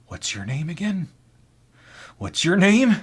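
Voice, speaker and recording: Guy putting on a loud crude young warehouse dude, mocking and brash, cranks it up out of nowhere. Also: high voice, sing-song, slow, slightly rough, pitched above the performer's own voice, full character voice. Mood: insistent. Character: wild, crude young male warehouse coworker.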